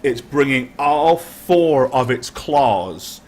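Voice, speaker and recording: A young man running a tabletop game as game master, narrating in vivid, drawn-out descriptions with frequent ums. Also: medium pitch, animated.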